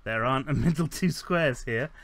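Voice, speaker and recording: A man giving casual commentary while playing a building game. He rambles and corrects himself, fills pauses with ums, and adds dry, self-mocking asides. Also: medium pitch, fairly bright tone, no echo. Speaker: let's play host.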